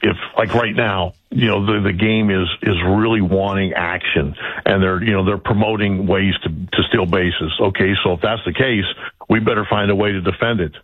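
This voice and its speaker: A man's voice: low-pitched, steady tone, normal speed, husky, no echo. A man in his sixties, a baseball manager, chatting in a folksy, easygoing, rambling way as a guest on a call-in interview. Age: 60s. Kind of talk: casual phone-in interview. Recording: dull, lo-fi remote line.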